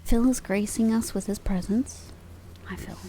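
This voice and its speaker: A woman's voice: medium pitch, fairly even intonation, moderate pace, a little hiss or hum. A woman streaming ASMR, slipping between whispers and crude, playful banter with her chat. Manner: soft whispers mixed with joking banter; crude and playful, laughs often.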